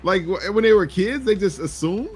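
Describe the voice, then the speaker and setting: A man's voice: high voice, moderate pace, slightly rough, faint music behind. A man co-hosting a casual movie podcast who exclaims and swears as he reacts. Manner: animated, profane, exclaiming. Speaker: podcast co-host.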